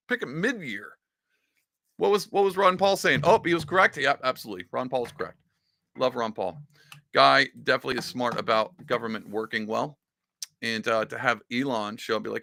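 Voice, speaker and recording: A man hosting a podcast, giving casual political commentary in an excitable, sarcastic rant whose pitch swings up and down. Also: moderate pace, no room sound, studio quality. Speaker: podcast host.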